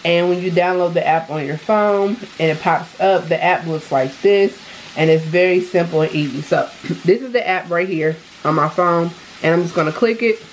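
Woman vlogger, lowish voice, chatty and upbeat, home kitchen, faint noise. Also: moderate pace, poor audio. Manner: chatty and upbeat, addresses viewers as y'all. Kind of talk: casual vlog chat.

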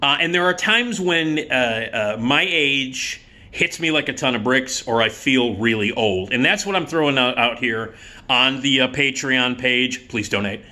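A man's voice: mid-range voice, a little slow, pushed and bright. A man in his fifties hosting a casual storytelling vlog, rambling and profane with plenty of filler words. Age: 50s. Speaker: YouTube host.

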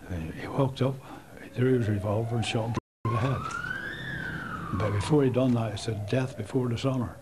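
A Northern Irish man in his eighties, a war veteran recalling events in a halting oral history interview with restarts and soft chuckles. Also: medium pitch, background noise. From Northern Ireland. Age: 80s.

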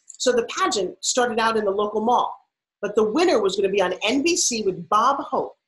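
A woman's voice: fairly high pitch, moderate pace, fairly bright tone, poor audio. A middle-aged woman from New York, a podcast guest telling her life story with punchy emphasis. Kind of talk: storytelling interview.

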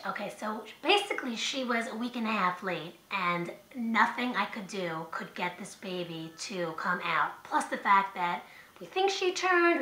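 A woman in her thirties telling her own story in an animated, rambling way, often restarting her sentences. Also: medium pitch. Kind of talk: personal storytelling to camera. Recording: echoey room.

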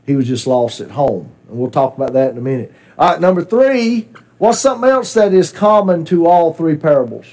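A man's voice: on the high side, lively intonation, brisk, darkish tone. A man teaching a Bible class in a church classroom, asking questions and repeating his students' answers.

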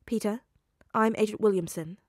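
Woman reading as a gentle measured male federal agent, calm, controlled, dry close voice. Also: mid-range voice, no echo, natural voice.

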